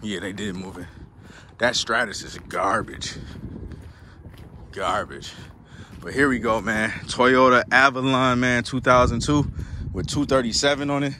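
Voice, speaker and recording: A man's voice: medium pitch, steady tone, normal speed, sharp tone. Laid-back man vlogging outdoors. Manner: laid-back slangy talk, frequent "man" and "y'all". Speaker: used car dealer vlogger. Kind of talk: casual vlog chat. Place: outdoors at a car auction lot. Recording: outdoor phone recording with noise. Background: cars and outdoor traffic noise.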